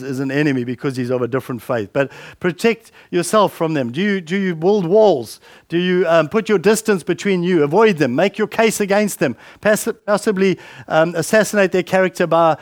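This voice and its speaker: High-voiced man preaching a sermon. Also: no room sound, studio quality. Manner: conversational, repeats words, asks questions.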